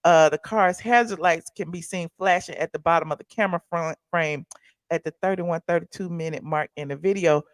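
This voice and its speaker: Brisk and lowish, this woman's voice comes through clean, echo-free studio sound. She hosts a pop culture commentary channel in a casual way, reacting to a video and to viewers while talking loosely.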